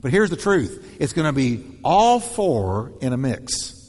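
Lively pastor preaching in a reverberant hall. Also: male voice, mid-range voice, a little slow. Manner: animated, punchy delivery with repeated short phrases. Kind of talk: sermon.

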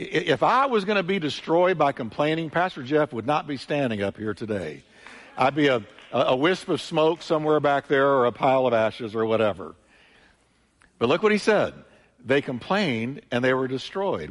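A male pastor preaching a sermon with emphatic, repetitive delivery, swinging between loud peaks and quieter asides. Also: fairly high pitch. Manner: emphatic preaching, repeating phrases with rising and falling intensity. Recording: long church hall reverb.

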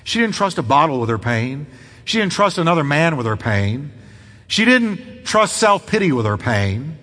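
A man's voice: fairly high pitch, big pitch swings, normal speed, fairly bright tone, long reverb tail. A man preaching a sermon as pastor, building drama through repetition.

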